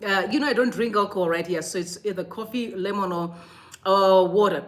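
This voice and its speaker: A woman's voice: mid-range voice, fairly quick. A woman hosting a casual livestream, chatty and effusive, often breaking into laughter. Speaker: livestream host.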